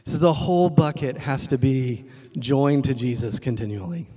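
A man preaching a conversational sermon, retelling a story with lively quoted voices and closing in a soft prayer. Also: medium pitch, normal speed. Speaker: pastor.

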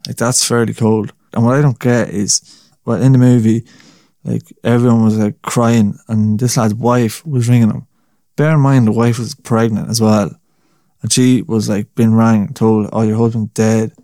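A man's voice: mid-range voice, little pitch movement, normal speed, warm tone, no echo, clean studio sound. A young man hosting a casual solo podcast, rambling, swearing and laughing at his own story. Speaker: podcast host.

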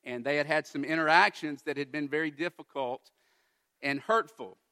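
A man delivers a sermon to his congregation, earnest and pressing his points home with emphasis. His voice sits a little high and rings bright. He speaks as a pastor addressing his church. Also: normal speed. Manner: earnest, builds to emphatic exhortation.

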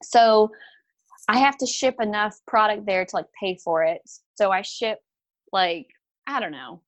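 A woman guest tells a candid story from her working life in an easygoing, conversational way, with a medium-pitched, unhurried voice. She's animated, acting out quoted people in a raised, livelier voice, and she peppers her speech with "like" and "you know."

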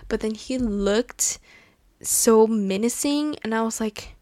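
A woman hosting a casual solo podcast, talking in an excitable, gushing, chatty way at a table indoors, with lots of laughs and fillers. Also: fairly high pitch, takes it slowly, dry recording, clean studio sound. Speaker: podcast host.

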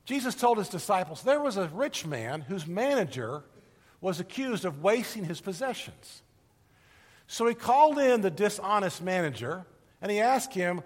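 A high-voiced male pastor preaches a sermon at a normal speed, telling stories animatedly and swinging from loud to hushed. The long reverb of a large hall surrounds his voice.

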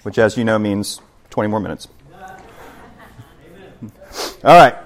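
A man preaching a sermon in a church as pastor, emphatic, shifting between loud passages and hushed ones. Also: fairly low pitch, big pitch swings, takes it slowly.

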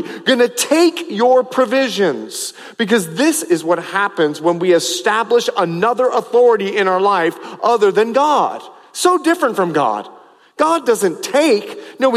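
A man's voice: high voice, in a large hall. A man preaching a sermon as pastor, emphatic and repetitive, stressing phrases over and over.

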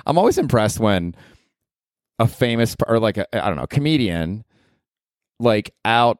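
A man in his forties talks in a low voice through a casual solo podcast from his apartment. He rambles, swears freely and pokes fun at himself. The sound is close and dry. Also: lively intonation, normal speed, no room sound. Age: 40s. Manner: rambling, profane, self-deprecating. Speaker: podcast host and comedian.

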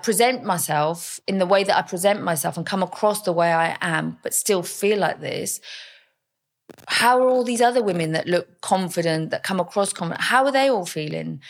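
A young woman speaking frankly and chattily as an interview guest, with plenty of fillers. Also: on the low side. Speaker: podcast guest, mother. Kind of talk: candid interview storytelling.

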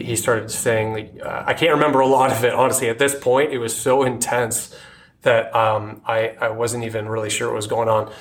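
A medium-pitched man, appearing as a guest, shares his personal faith testimony earnestly and haltingly, often restarting his sentences.

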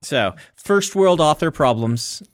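A man's voice: a little high, lively intonation, no echo. Chatty man on a dry podcast mic. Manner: chatty, explanatory, quick asides. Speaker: podcast co-host, author. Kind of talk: casual chat.

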